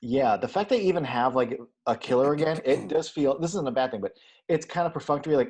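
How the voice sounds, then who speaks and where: A man's voice: fairly high pitch, expressive, fast talker, a little mellow, breathy edge. A man co-hosting a podcast in casual chat, enthusiastic, stumbling over restarts, swearing and laughing. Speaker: podcast co-host.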